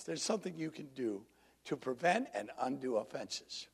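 A man's voice: a little high, sing-song, moderate pace, vocal fry, husky. A man preaching a sermon to his congregation in a conversational way, drawing listeners in. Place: church congregation.

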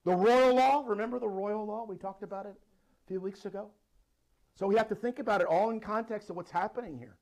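A middle-aged male pastor preaching a sermon, animated and laughing now and then as he reads and explains scripture. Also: high-pitched, brisk, vocal fry.

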